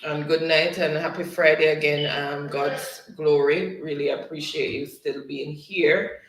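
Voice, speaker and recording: A man's voice: fairly high pitch, steady tone, measured pace, a bit bright. A man hosting a casual livestream, reading viewer comments aloud and laughing often between them. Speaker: livestream host. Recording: roomy, distant from the mic.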